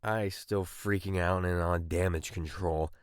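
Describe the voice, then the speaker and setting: A man's voice: deep voice, fairly even intonation, measured pace, smooth, no room sound, studio quality. A man in his twenties narrating comedic storytime anecdotes with crude, self-mocking humor.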